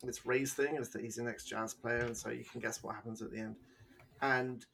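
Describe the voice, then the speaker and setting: A man's voice: medium pitch, little pitch movement, fairly quick, creaky, bright, forceful tone, a little hiss or hum. A man co-hosts a casual film podcast and talks things through in a loose, rambling way. He often laughs at himself and sometimes hums a tune or mimics a line mid-sentence. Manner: rambling, self-deprecating, with sung and mimicked bits. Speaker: podcast co-host. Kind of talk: casual film review chat.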